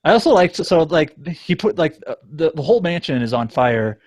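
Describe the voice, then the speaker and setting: A man's voice: a little high, sing-song, moderate pace, darkish tone, no room sound. Rambling man on a dry mic. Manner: rambling, many "like" fillers and restarts. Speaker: podcast co-host. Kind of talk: casual chat.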